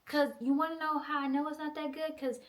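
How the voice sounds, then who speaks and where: Animated profane woman recapping a book. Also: high-pitched, brisk. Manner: animated, profane, acts out characters' lines. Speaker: book reviewer. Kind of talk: casual book review recap.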